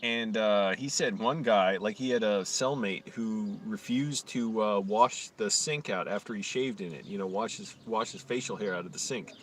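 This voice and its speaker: A man's voice: on the low side, normal speed, few pauses, fairly bright tone, a little hiss or hum. Young guy ranting and cursing on a stream, sarcastic, a bit far off the mic. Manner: profane, rambling, sarcastic mock voices. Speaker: live streamer. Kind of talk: casual ranting monologue.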